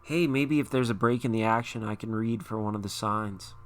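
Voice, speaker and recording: Smooth-voiced man reading tarot live. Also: fairly low pitch, brisk, soft background music. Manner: chatty, reassuring, addresses viewers by name. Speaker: tarot reader hosting a live stream.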